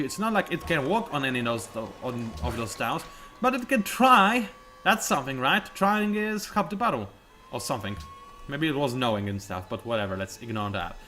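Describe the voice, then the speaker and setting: Brief: male game commentator, lively and bright, sarcastic and rambling. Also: medium pitch. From Poland. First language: Polish. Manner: rambling, wry and sarcastic, with frequent "whatever". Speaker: let's play commentator. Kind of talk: casual gameplay commentary.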